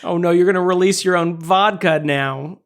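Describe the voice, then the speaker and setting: A man's voice: high voice, moderate pace, smooth. A man co-hosting a comedy podcast, chatting casually and sarcastically, swearing freely as he riffs. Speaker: podcast co-host. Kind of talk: casual chat.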